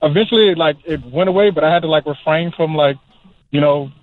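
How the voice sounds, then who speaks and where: A man's voice: fairly high pitch, brisk. A man calling in to a show and telling a story in a laid-back way. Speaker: caller. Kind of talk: casual phone call. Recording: tinny phone line.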